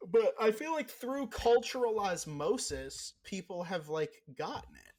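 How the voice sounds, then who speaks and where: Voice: mid-range voice, very animated, measured pace, darkish tone. A podcast co-host in casual chat, rambling and teasing, swearing freely.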